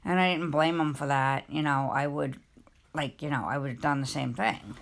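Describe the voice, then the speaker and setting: A woman's voice: sits low, normal speed, creaky. A middle-aged woman live streamer chatting casually, telling a rambling, emotional personal story in a confiding way.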